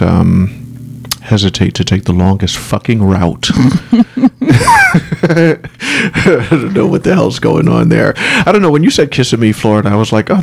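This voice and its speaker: A man's voice: on the low side, creaky. A man co-hosting a podcast, chatting casually in a blunt, profane, joking way. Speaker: podcast co-host. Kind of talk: casual frank chat.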